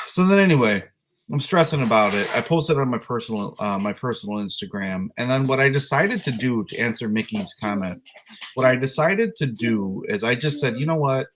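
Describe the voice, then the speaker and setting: A man co-hosting a podcast, telling a casual story about coaching youth flag football in an exasperated, animated way. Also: medium pitch, normal speed, a little hiss or hum. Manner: animated, exasperated ranting with mimicked voices.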